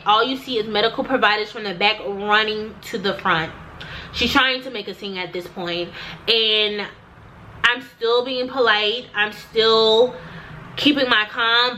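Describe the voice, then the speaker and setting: A woman's voice: medium pitch, pushed and bright, a little hiss or hum, poor audio. A young woman vlogger recounting a personal story to the camera, emphatic and repetitive, talking straight to her viewers.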